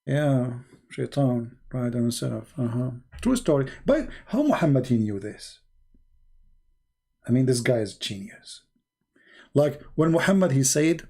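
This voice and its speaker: Sarcastic man with dark voice. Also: mid-range voice, sing-song, unhurried, gravelly. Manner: sarcastic, non-native grammar, shifts between loud and quiet. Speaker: online commentator. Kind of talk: mocking commentary.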